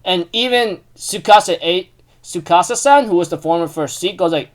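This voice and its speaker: A man with a high voice talks through an anime episode recap. He rambles, retells scenes loosely and leans on fillers, and he gets animated when something amuses him. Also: normal speed. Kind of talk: casual recap commentary.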